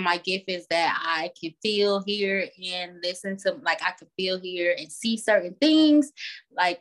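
A woman psychic who is a guest on a podcast, talking in a casual way. Her voice sits at an ordinary pitch. She sounds relaxed and unhurried as she explains what she does. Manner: relaxed, casual, calls people honey. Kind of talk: casual interview chat.

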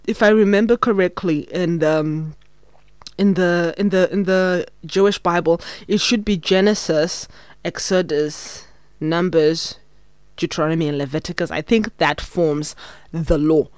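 A speaker giving a casual solo Bible study, thinking aloud, stumbling over hard words and breaking into excitement now and then. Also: medium pitch, a little slow, smooth, dry recording. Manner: bursts of excitement.

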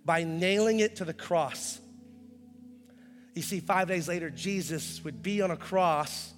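A male pastor preaches unhurriedly in a fairly high voice, moving from hushed intensity to loud, impassioned pleading while performing different voices. Faint music plays behind him, and a long church-hall reverb follows every phrase.

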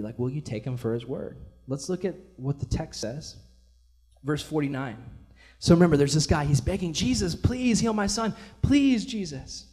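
A male pastor preaches in a loose, conversational way, full of enthusiasm and everyday filler words. His voice sits a bit higher than most men's, and he keeps the tone friendly and informal in a church. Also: a little mellow. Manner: casual, enthusiastic, many fillers like "like". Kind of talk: casual sermon.

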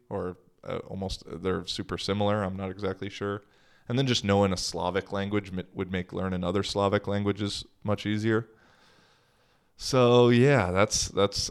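A man's voice: low voice, gravelly, smooth. A young man hosting his own podcast, talking in a laid-back, slangy, profane way. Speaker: podcast host. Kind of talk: casual solo podcast monologue.

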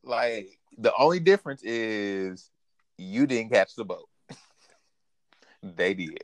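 A man's voice: lowish voice, lively intonation, takes it slowly, no echo. A man co-hosting a casual recap podcast, talking animatedly, laughing often and quoting characters in a raised voice. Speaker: podcast co-host. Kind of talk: casual anime recap chat.

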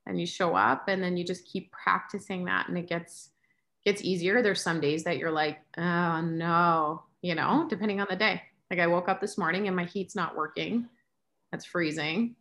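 A woman's voice: lowish voice, steady tone, normal speed, a bit bright. A woman in her late thirties, a yoga teacher and single mother, chatting casually and telling candid stories, acting out her own thoughts. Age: 30s. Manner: candid, storytelling, acts out her own inner voice. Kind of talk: casual conversation.

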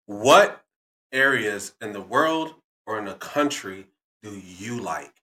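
A man's voice: lowish voice, expressive, slow pace, pushed and bright, echoey room, poor audio. A young man hosting a podcast, playful and teasing in casual, slangy chat. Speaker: podcast host.

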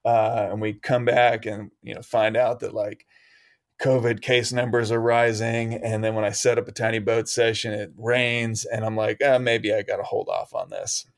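A man's voice: lowish voice, little pitch movement, normal speed. A man telling a long story as an interview guest, rambling with many fillers and laughing often.

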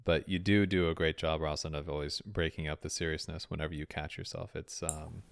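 Deep-voiced man hosting a podcast. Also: flat delivery, a little fast, creaky, smooth. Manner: laughs often, teasing. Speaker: podcast host. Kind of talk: casual podcast chat.

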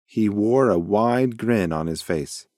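A man reading a children's bedtime story aloud in a gentle, lively storytelling way. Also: lowish voice, slow, no room sound, studio quality. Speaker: narrator.

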